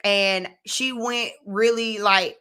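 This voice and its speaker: A woman's voice: mid-range voice, steady tone, slow, sharp tone, smooth. A young woman casually recapping a reality TV episode, talking straight to her viewers in a chatty, opinionated way. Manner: chatty, addresses viewers directly, frequent "like" and "you know what I'm saying".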